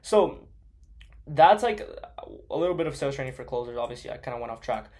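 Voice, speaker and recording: A man's voice: medium pitch, lively intonation, brisk, darkish tone, a little hiss or hum. A young man coaching on sales in a blunt, profane, casual monologue, full of fillers.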